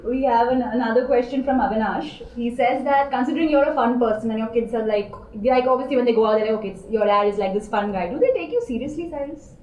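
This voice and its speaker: A woman's voice: fairly high pitch, fast, few pauses, a little mellow, reverberant, distant mic, lo-fi sound, a little hiss or hum. A woman hosting, reading out viewer questions and laughing often. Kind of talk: show hosting.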